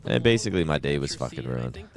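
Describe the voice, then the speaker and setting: A man with a very low voice hosts a stream. He chats casually and tells loose, profane stories. He acts out other people's lines as he goes. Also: very animated, fast, vocal fry. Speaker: streamer host. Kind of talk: casual chat, telling stories.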